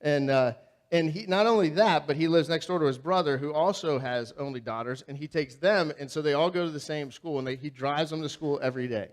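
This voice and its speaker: A man with a fairly high-pitched voice speaks a little fast, preaching from a church sanctuary in a slightly raised, loose, conversational way. This pastor animatedly tells funny everyday stories in his sermon and keeps turning questions back on his listeners.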